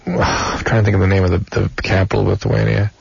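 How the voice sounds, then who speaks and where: Gravelly low-voiced wisecracking male co-host. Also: flat delivery, brisk, dry recording. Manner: teasing, wisecracking. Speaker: radio show co-host. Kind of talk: casual radio banter. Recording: dull lo-fi radio audio.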